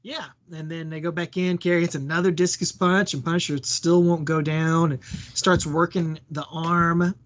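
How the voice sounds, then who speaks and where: Higher-voiced man chatting and chuckling. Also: normal speed. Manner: relaxed and joking, chuckles often. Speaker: podcast co-host. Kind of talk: casual podcast chat recapping a wrestling match.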